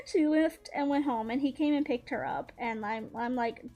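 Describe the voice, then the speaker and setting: Brief: young Southern woman, high voice, chatty storytime streamer, laughs a lot, faint music under her. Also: moderate pace, warm tone. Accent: Southern American. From Southern United States. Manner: chatty, laughs often, lots of "like" and "dude". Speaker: streamer telling a story while drawing. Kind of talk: casual storytime chat.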